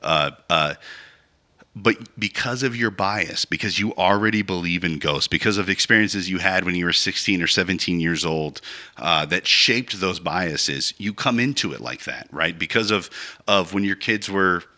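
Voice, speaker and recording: Podcast co-host, male, low voice with a bright, sharp edge, loose rambling talker. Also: normal speed. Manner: rambling, reasoning aloud with many "like" and "right?". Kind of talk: casual chat.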